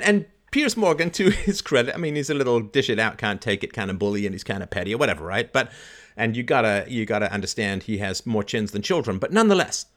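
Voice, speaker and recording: Middle-aged male livestream host, lively swooping delivery, mocking, quick to laugh, acts out quoted voices. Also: medium pitch. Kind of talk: casual livestream monologue.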